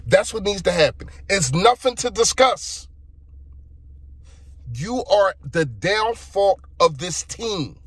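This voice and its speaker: A young man vents in a heated, exasperated football rant. His voice sits a little higher than most men's, and he addresses the audience directly and bluntly. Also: slightly rough, no echo. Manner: heated and frustrated, talks straight to the listener. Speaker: sports fan vlogger. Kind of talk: sports opinion rant.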